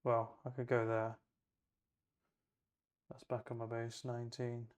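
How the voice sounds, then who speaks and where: A man's voice: medium pitch, monotone, unhurried. A man playing a tabletop wargame, thinking aloud as he moves models, measures ranges and rolls dice in casual play commentary.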